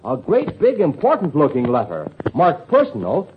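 A man's voice: fairly high pitch, very animated, normal speed, noisy background. A male radio announcer addressing young listeners in a chummy, upbeat 1940s style. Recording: lo-fi old radio recording.

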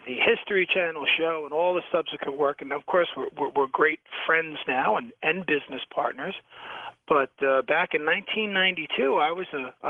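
A man from New York, a shipwreck diver, telling stories as a radio guest over the phone, halting with many restarts and repeated words. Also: fairly high pitch, no room sound. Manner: lively storyteller. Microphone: telephone. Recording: tinny phone line, dry.

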